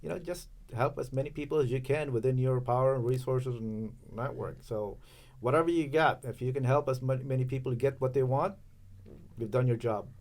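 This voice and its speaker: A man from Los Angeles speaking as a podcast guest in casual, halting talk with many fillers and restarts. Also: mid-range voice, darkish tone. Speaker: podcast guest, chamber of commerce president. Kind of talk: casual interview chat.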